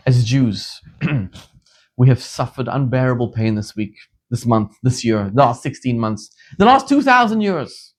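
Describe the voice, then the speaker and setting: A man from Zimbabwe, a rabbi, giving a sermon in an animated, emphatic storytelling manner. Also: medium pitch.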